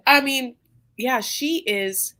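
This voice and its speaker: A woman's voice: sits high, slow pace, bright, forceful tone. Rambling, chatty woman co-host. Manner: chatty, rambling, with many fillers and restarts. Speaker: podcast co-host recapping a reality show. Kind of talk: casual chat.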